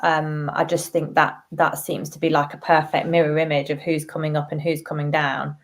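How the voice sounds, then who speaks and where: A woman on a fan panel, calmly reasoning through her view in a casual football chat. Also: low-pitched, moderate pace.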